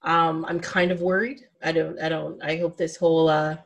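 A woman with a lowish voice in a relaxed movie conversation. She talks freely and laughs easily. Her voice often fades into soft, muttered asides. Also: moderate pace, vocal fry. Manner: chatty, laughs often, trails off into quiet asides. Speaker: podcast co-host. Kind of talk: casual chat about movies.

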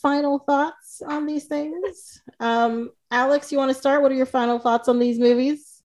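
A woman's voice: high voice, fairly even intonation, a little slow, a little mellow. A woman hosting a casual conversation, talking easily and acting out quoted reactions. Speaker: podcast host. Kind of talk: casual chat.

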